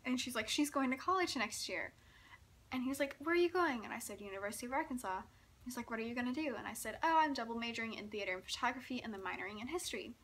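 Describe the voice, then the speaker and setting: Giggly young woman, bright voice. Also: on the high side, very fast, a little hiss or hum. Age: young adult. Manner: giggly, breathless, gushing, lots of "like". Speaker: vlogger. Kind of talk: excited personal storytelling.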